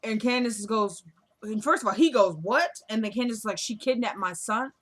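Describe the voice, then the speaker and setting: Woman doing a tv recap, kinda high voice, acts out everybody's lines, aave flavor. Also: fairly quick. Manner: retells scenes by acting out the characters' lines. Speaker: TV recap vlogger. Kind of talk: casual episode recap.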